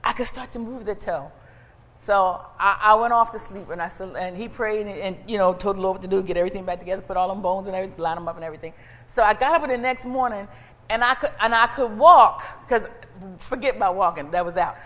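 Animated woman preacher in a reverberant church. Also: mid-range voice, fast talker. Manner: animated, conversational, calls out to the congregation. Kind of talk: sermon with personal testimony. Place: church sanctuary.

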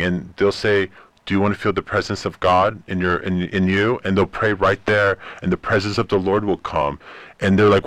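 A fairly low-voiced man, a native Persian speaker, tells stories as an interview guest. He talks in an animated way and acts out the people he quotes. The sound is dry and close. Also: moderate pace, dry recording. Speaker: ministry guest. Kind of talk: interview storytelling.

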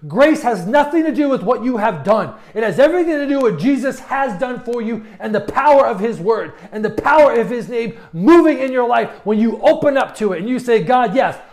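A man's voice: very high voice, animated, brisk, hardly any pauses, a little mellow. A man preaching a sermon with passion, often stammering and restarting his words. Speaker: pastor.

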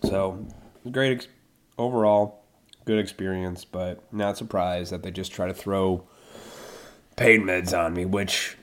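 A low-pitched middle-aged man holds forth in a loose, casual monologue to his viewers. He is blunt and opinionated, swearing freely and circling back to make his point again. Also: fairly even intonation, takes it slowly, pauses often. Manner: blunt, profane, opinionated ranting. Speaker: vlogger.

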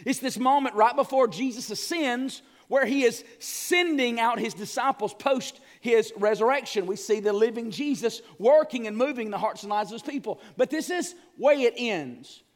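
Very high-voiced impassioned male preacher. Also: moderate pace, few pauses, long reverb tail. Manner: impassioned preaching, rising to shouts and dropping to hushed lines. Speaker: pastor. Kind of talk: Easter sermon.

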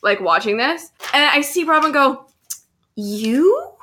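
A woman co-hosting a laid-back podcast about a TV series. Her voice sits a little high, and she talks in dry, teasing remarks during a casual recap. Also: animated, normal speed, bright, forceful tone, slight background noise. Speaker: podcast co-host. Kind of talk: casual chat recapping a TV episode.

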